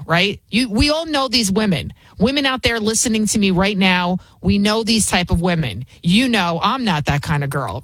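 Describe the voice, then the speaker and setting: A woman's voice: mid-range voice, no room sound. A woman talk show host delivering an emphatic, sarcastic political commentary monologue, often repeating her points.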